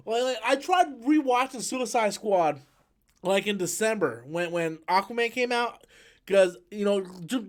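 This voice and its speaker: A man ranting on a live stream about a film he hates, swearing often and mocking its lines in exaggerated voices. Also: sits high. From United States. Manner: profane, exasperated ranting with mocking quotes. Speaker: YouTube movie commentator.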